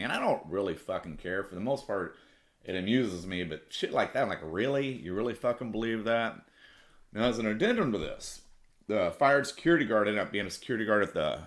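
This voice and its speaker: A man's voice: on the low side, fairly bright tone. A middle-aged man hosting a podcast, telling a blunt, profane story that turns into a rant. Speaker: podcast host.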